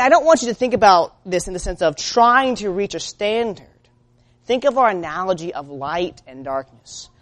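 A woman preaching a sermon in an earnest way. She moves between loud urging and quiet, low-spoken lines.

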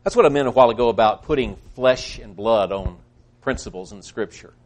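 A man preaching a sermon earnestly, swinging between loud emphasis and hushed, quiet passages. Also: mid-range voice, brisk. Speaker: pastor.

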